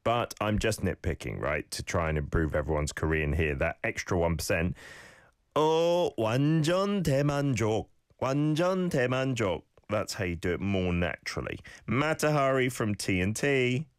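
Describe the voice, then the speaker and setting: A man hosting a radio language lesson, encouraging listeners and modelling phrases with lively emphasis. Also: low-pitched, normal speed, hardly any pauses, no echo, studio quality. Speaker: radio host teaching Korean phrases.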